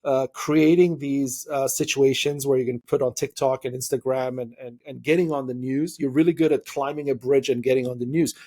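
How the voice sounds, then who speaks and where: Husky-voiced opinionated male podcast host. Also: medium pitch, brisk, few pauses. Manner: animated, opinionated, mimics voices when quoting. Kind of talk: casual interview conversation.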